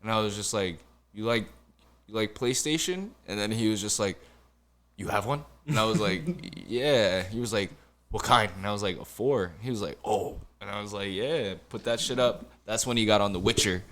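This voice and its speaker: Animated, profane man telling stories. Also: on the low side, moderate pace. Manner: animated, profane storytelling with acted-out quotes. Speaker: podcast guest, cook. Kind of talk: casual storytelling chat.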